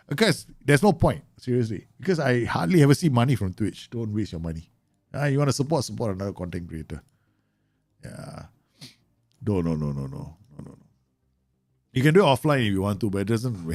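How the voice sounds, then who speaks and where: A man live-streaming a football management game, chatting casually with viewers and yelling at his players. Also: lowish voice, dry recording, clean studio sound. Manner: animated, bursts into loud yells and laughs at his players; chatty, answers viewer questions with many fillers.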